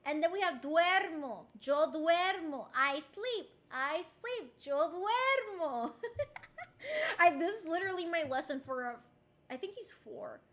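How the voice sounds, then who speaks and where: A young woman, a native Spanish speaker, streaming casually and giving a playful mock Spanish lesson, giggling and repeating words slowly like a teacher. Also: extremely high pitch, sing-song, a bit bright.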